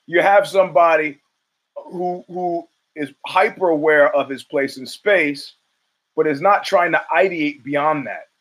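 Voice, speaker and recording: A male podcast host riffs through a blunt, profane commentary monologue. His voice sits a little high for a man, and he barrels through his opinions. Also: fairly bright tone, low-quality recording.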